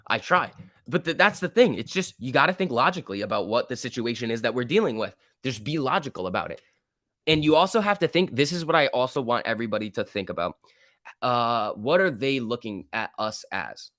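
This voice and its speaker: A young man hosting a live stock-market stream, talking in an emphatic, excitable rant. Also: mid-range voice, a little fast, no room sound, clean studio sound. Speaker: livestream host.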